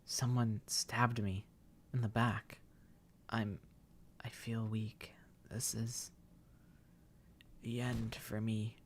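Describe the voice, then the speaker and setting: Dying game character, faint and breathy, read by a male streamer. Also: lowish voice, level tone, slow pace, slight background noise. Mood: fading. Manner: weak, breathy, fading. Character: dying young man, weak and faint.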